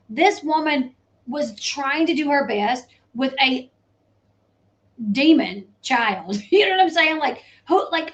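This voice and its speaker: A woman host commenting on a reality show clip, animated and chatty, full of "like". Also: sits high, dull audio. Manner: animated, talks over clips with lots of "like".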